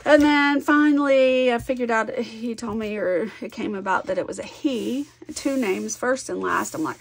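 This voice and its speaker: A woman's voice: fairly high pitch, moderate pace, creaky, breathy edge. A middle-aged woman chatting casually while scrapbooking, rambling through a story and acting out both sides of a conversation. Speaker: scrapbooking vlogger. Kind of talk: casual chatty crafting vlog.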